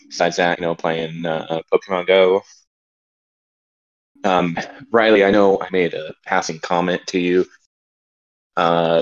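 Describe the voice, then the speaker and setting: A man co-hosting a podcast in casual chat, laid-back and swearing casually. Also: sits low. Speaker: podcast co-host. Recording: muffled lo-fi mic.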